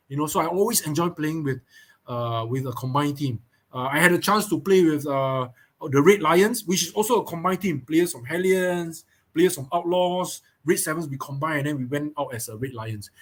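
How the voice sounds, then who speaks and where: A man's voice: on the high side, a bit bright. A man with a Singaporean English accent hosting a casual podcast preview, chatty, repeating words and checking in with listeners. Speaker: host.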